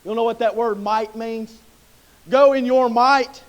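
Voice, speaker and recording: A man's voice: extremely high pitch, fairly even intonation, a little slow, highs cut off. A man preaching a sermon with impassioned storytelling.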